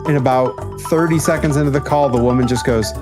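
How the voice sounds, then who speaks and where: A man's voice: medium pitch, fast talker. A young man streaming a co-op game, telling stories in a chatty way and slipping into mimicked voices. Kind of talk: casual chat while gaming. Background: game music.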